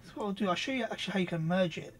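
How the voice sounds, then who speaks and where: A man reviewing software in a casual, off-the-cuff demo, thinking aloud with quick asides. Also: high voice, expressive, slight background noise. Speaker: product reviewer.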